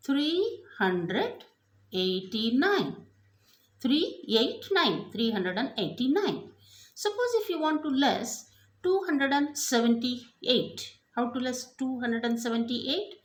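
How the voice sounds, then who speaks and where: Slow, lively-voiced woman teaching abacus. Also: high voice, reverberant. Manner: slow, deliberate counting aloud with repeated prompts. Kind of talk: step-by-step math lesson.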